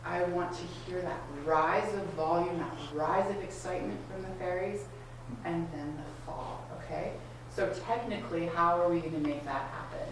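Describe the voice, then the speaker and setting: A woman's voice: lowish voice, noisy background. A woman coaching a student string ensemble in a masterclass, giving encouraging, direct instructions and asking many questions. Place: rehearsal room at a community center. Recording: echoey room, far from the mic. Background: string instruments playing.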